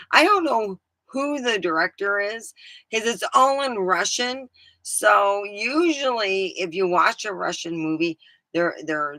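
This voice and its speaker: Chatty woman with a bright voice. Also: lowish voice, no room sound, low-quality recording. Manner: meandering and chatty, with mild swearing. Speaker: livestreamer. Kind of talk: casual rambling chat.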